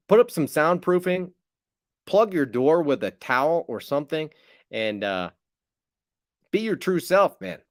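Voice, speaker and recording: A man's voice: medium pitch, dry recording, clean studio sound. A man hosting his channel, chatting casually on a livestream in a rambling, teasing way. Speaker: channel host.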